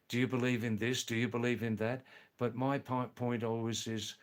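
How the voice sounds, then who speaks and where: A man's voice: mid-range voice, flat delivery, normal speed. A middle-aged man from Australia, hosting a casual livestream and talking back to viewers, emphatic and repeating his key points. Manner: emphatic, repeats key phrases, frequent ums. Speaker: livestream host.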